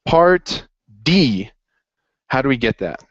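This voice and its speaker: A man's voice: mid-range voice, sing-song, slow pace, fairly bright tone, dry recording, lo-fi sound. A man running a casual accounting review session, upbeat and jokey as he encourages his students. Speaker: accounting tutor.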